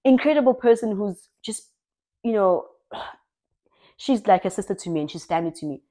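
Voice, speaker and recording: A young South African woman telling her own story in an expressive, lively way, as a personal vlog. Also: mid-range voice, normal speed. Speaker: vlogger.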